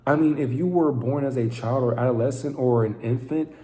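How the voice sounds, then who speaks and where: A man's voice: mid-range voice, brisk, dark tone, reverberant. A man giving an intense, profane, preaching monologue to camera as a vlogger.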